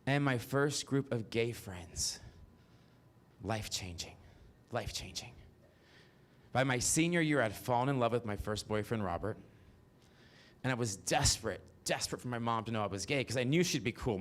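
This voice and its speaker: Speaking at a medium pitch and normal pace, this solo performer from Mississippi, in his forties, recounts his own life in stand-up form. He's blunt and profane, frequently turning to address the audience.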